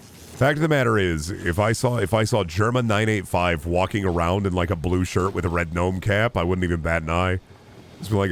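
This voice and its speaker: A man's voice: deep voice, fairly quick, slight background noise. A man streaming a video game, rambling and joking with lots of fillers. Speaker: gaming streamer. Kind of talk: casual live-stream commentary.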